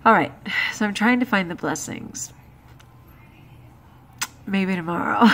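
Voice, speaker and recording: A woman's voice: mid-range voice, normal speed, vocal fry, fairly bright tone. An exhausted woman talking through her day in a chatty, emphatic personal vlog. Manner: chatty, emphatic, with frequent laughs and exclamations. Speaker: vlogger.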